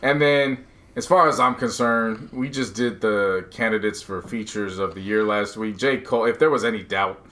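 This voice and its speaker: A man's voice: fairly low pitch, moderate pace, a bit bright. Man talking music on a podcast. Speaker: podcast co-host. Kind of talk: casual chat.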